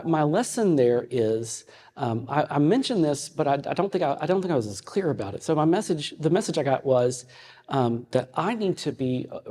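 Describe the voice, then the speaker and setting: A man in his fifties teaching a ministry audience in a conversational way, telling personal stories with frequent halting restarts. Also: medium pitch, mellow, breathy edge. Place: meeting room with an audience. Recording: long hall reverb.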